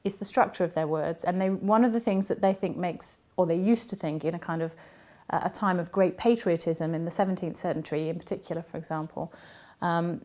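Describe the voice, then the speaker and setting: Softly low-pitched woman linguist explaining. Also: steady tone. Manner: measured, explaining with frequent ums. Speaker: linguist and university academic. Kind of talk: explanatory interview answers.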